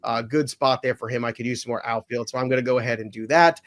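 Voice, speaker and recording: A man hosting a casual sports podcast, animated and given to mock outrage. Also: mid-range voice, quick pace, hardly any pauses. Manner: animated, mock-outraged when picks are taken. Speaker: podcast host running a mock draft.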